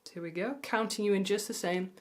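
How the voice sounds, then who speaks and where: A woman's voice: medium pitch, fairly even intonation. Patient woman tutor counting beats. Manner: patient, reassuring, counts aloud slowly. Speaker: music tutor. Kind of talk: mandolin lesson. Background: mandolin playing.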